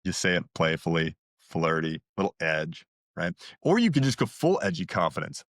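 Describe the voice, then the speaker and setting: A man's voice: deep voice, big pitch swings, normal speed, dry recording, clean studio sound. A man hosting a dating-advice podcast, talking in a casual coaching tone, asking "right?" again and again and hyping up his listeners. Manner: hypes listeners, asks "right?" constantly; acts out sample lines in a livelier voice.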